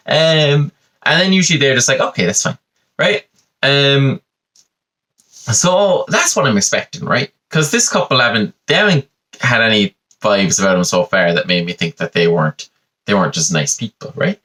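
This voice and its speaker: A young man hosting a comedy podcast tells a long story on his own. His pitch swings widely as he jumps between his own lines and the other people's, and his tone stays bright and forceful. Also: moderate pace. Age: 20s. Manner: animated, acts out both sides of the exchange in shifting voices.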